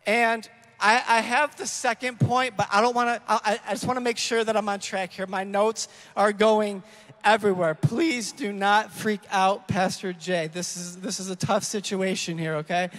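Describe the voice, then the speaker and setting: A man preaching a sermon in a church, energetic and chatty, acting out people in a story and correcting himself as he goes. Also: high voice, normal speed, big-room sound. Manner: energetic, acts out people in an illustration, rambling self-corrections. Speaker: youth leader preaching. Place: church hall.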